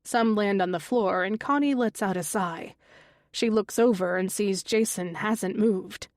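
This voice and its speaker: A woman narrating a first-person mystery audiobook in a measured, even voice. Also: mid-range voice, no room sound, studio quality.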